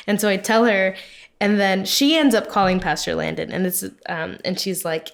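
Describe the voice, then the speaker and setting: A woman's voice: medium pitch, moderate pace, vocal fry. A woman in her thirties co-hosting a podcast, telling a personal story in casual chat full of fillers. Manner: chatty storytelling, many fillers, laughs often. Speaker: podcast co-host.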